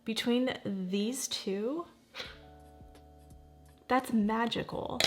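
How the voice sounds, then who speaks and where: A woman's voice: mid-range voice, moderate pace, a bit bright, soft background music. A woman in her forties reviewing makeup in a casual, gushing way, often exclaiming in delight. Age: 40s. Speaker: beauty vlogger.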